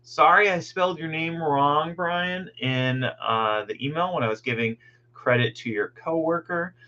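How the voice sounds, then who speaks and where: A man's voice: on the high side, measured pace, sharp tone, muffled recording. A man hosting a meditation group from home on a video call, rambling casually and greeting people by name.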